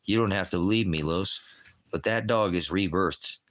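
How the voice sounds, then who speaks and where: A man's voice: low-pitched, moderate pace, a bit bright. A middle-aged man in casual chat, rambling and repeating himself with plenty of "you know" as he talks. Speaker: ministry vlogger.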